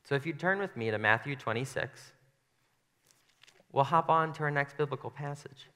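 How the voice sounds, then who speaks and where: A young man preaching in a church, his voice bright and forward, carrying a long reverb through the hall. He talks in a loose, conversational way, playful and self-deprecating. He keeps slipping into little voices to act out scenes. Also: on the high side, moderate pace. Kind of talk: casual conversational sermon. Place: church sanctuary.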